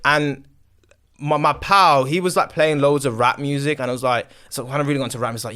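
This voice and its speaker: A young man telling a story in casual chat, animated, full of slang and laughter. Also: mid-range voice, fairly quick, clean tone. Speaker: podcast guest telling a story.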